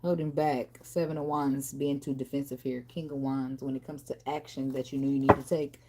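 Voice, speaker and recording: A woman's voice: rumbling low, flat delivery, moderate pace, very noisy. A woman giving a casual tarot reading in a blunt, profane, talkative way. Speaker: tarot reader.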